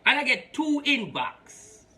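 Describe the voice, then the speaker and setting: A man's voice: very high-pitched, sing-song, slow pace, pushed and bright. A man, a spiritual advisor hosting a live reading show, talking emphatically and preachily as he mixes patois with English.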